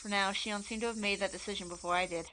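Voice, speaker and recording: A woman narrating a horror visual novel aloud in an expressive, steady reading style. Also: mid-range voice, fast, a little hiss or hum, low-quality recording.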